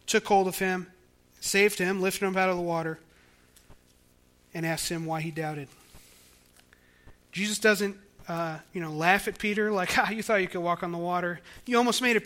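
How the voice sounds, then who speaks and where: Young male pastor, high bright voice, casual sermon delivery. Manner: conversational, acts out quoted voices.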